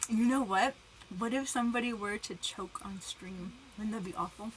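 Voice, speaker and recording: A woman's voice: medium pitch, normal speed, a little hiss or hum, poor audio. A young woman livestreaming in casual chat, giggling, greeting viewers by name and talking while eating.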